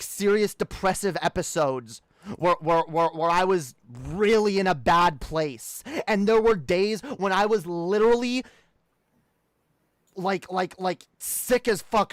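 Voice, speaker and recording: A man's voice: high voice, clean tone, dry recording. A man streaming, ranting heatedly and swearing a lot. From Canada. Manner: heated, profane, repetitive. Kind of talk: ranting livestream talk.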